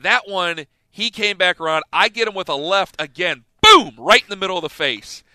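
A man hosting a sports radio show, telling stories with lively energy and laughing as he acts out scenes. His voice sits high for a man and sounds very bright and forceful, smooth and clear, on a dry studio mic. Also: moderate pace, no room sound. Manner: animated, laughing storyteller who acts out scenes. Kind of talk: casual storytelling on sports radio.

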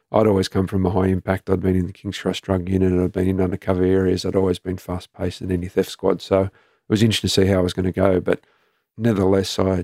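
A middle-aged Australian man, a former police commander, telling his story in an interview in a plain, matter-of-fact way with halting restarts. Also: low-pitched, gravelly, dark tone, no room sound, studio quality.

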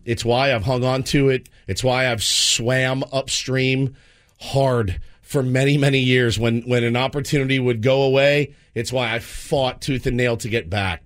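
A man's voice: mid-range voice, dry recording, studio quality. A man in his forties, a radio sports host, talking on air in an earnest, emotional way with many restarts. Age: 40s. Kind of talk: heartfelt on-air talk. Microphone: studio microphone.

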